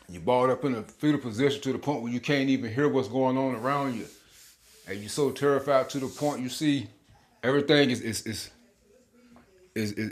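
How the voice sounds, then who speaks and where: Emphatic, slangy male bible teacher. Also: mid-range voice. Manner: emphatic, slangy, chuckling, repeats words. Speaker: bible teacher making videos. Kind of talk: informal scripture teaching.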